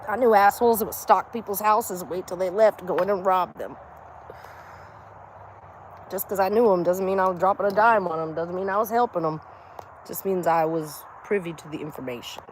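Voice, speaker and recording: A woman's voice: fairly low pitch, a little fast, a little hiss or hum, rough recording. A middle-aged American woman chatting casually on a live stream, rambling and swearing freely as she talks. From United States. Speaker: vlogger.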